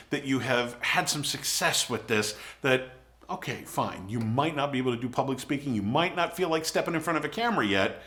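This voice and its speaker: A man's voice: mid-range voice, a bit bright. A man hosting his own channel, giving casual, encouraging advice straight to the camera in a conversational way. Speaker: video coaching host.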